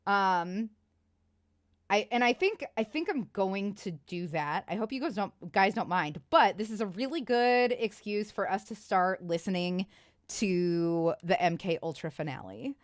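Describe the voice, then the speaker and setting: Breathless woman nearing forty, slow and chatty. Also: medium pitch, animated, no room sound, clean studio sound. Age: late 30s. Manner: rambling, self-deprecating, laughs often. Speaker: streamer. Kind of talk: casual chat while crocheting.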